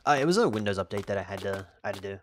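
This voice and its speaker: A man's voice: fairly low pitch, animated, very fast, a little hiss or hum. An Australian man streaming a game and chatting casually, rambling and restarting his sentences as he answers chat. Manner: reads out and answers chat questions. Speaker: live streamer.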